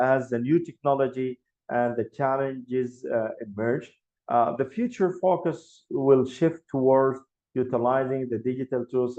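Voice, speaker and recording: A man's voice: mid-range voice, mellow. A man giving an academic presentation, full of filler sounds and restarts. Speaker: lecturer. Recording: dull lo-fi sound.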